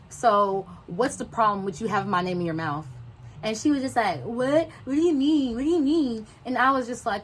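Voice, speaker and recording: A young woman vlogger telling a storytime, swearing freely and acting out everyone's lines in lively voices. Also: medium pitch, slight background noise, rough recording. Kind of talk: storytime vlog.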